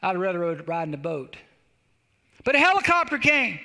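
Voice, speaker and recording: Male pastor, sermon, very high voice, exhorting, long hall reverb. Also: big pitch swings, moderate pace, creaky, pushed and bright. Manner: exhorting, repeating calls of "come on".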